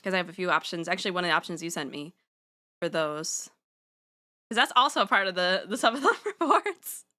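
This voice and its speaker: A woman's voice: lowish voice, lively intonation, fairly quick, pushed and bright. A young woman streaming from home, chatting casually and rambling with playful slang while she draws. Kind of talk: casual livestream chat while drawing.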